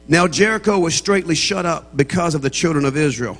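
A man's voice: on the high side, a little fast, hardly any pauses, a bit bright, slightly rough. A man with a Southern American accent, preaching as a guest speaker in a church, joking with the congregation before building into fervent preaching. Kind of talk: humorous sermon opening. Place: church sanctuary. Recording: long church reverb.

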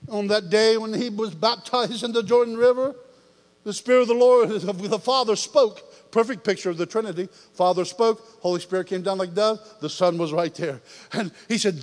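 A man preaching a sermon, animated and joking, acting out voices as he tells stories. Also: high voice. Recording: long reverb of a large hall.

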